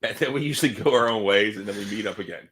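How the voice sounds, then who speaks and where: Man clearing his throat, chatting casually. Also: on the low side, quick pace, fairly bright tone. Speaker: co-host and producer. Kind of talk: casual chat.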